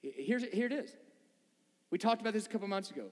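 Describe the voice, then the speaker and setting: A man's voice: high-pitched, expressive, fast. A man preaching a sermon to a congregation, conversational and full of rhetorical questions. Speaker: pastor. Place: church sanctuary before a congregation. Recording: long reverb of a large hall.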